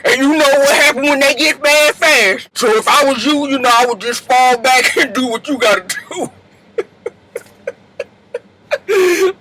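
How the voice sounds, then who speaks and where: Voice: high voice, measured pace, long pauses, a crowd in the background, rough recording. A reviewer giving a comedic, profane recap of a reality show, laughing often.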